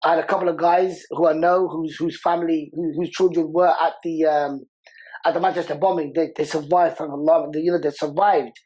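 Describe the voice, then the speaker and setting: A man's voice: a little high, flat delivery, brisk, a little mellow, husky, low-quality recording. A man, speaking as a podcast guest in a heartfelt interview, talking passionately and repeating words for emphasis. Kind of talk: emotional interview conversation.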